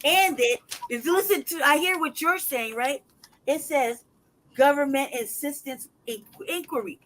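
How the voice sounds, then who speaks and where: A man holds forth on a casual livestream in a heated, profane torrent. His voice sits unusually high for a man. He reads documents aloud with open mockery. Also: unhurried, pushed and bright, poor audio. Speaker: livestream host.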